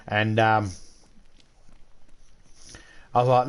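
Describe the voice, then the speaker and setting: A man's voice: medium pitch, takes it slowly, pauses often, fairly bright tone. A man with an Australian accent, streaming a game and ranting crudely with lots of swearing. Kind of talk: casual gaming livestream rant.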